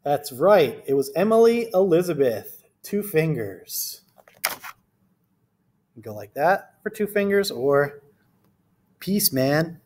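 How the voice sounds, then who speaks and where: A man's voice: fairly high pitch, big pitch swings, slow, pauses often, a little mellow. A man reading a picture book aloud to children, then leading a friendly art lesson with playful quiz questions. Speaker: art teacher.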